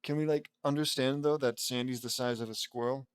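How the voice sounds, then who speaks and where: A man's voice: mid-range voice, fairly even intonation, brisk, clean tone, dry recording. A young man reading a fan story aloud, breaking off into sarcastic, exasperated asides to mock the writing. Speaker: fanfiction reader and commentator. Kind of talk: mocking read-aloud commentary.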